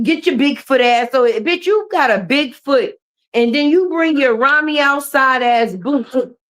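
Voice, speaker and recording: High-voiced woman ranting on a live stream. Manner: profane, mocking, switches into jeering put-on voices. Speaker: commentary streamer.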